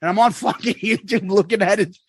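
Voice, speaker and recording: A man co-hosting a podcast, telling travel stories in a casual, profane, animated way. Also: sits high, fairly quick, slightly rough, no echo. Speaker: podcast co-host. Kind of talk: casual chat.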